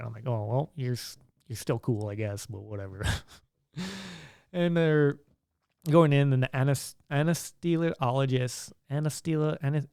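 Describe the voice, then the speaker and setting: A man's voice: mid-range voice, dark tone, clean tone, dry recording, clean studio sound. A young man telling a story in a laid-back, chatty way, acting out what others said. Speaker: vlogger. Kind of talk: casual storytelling.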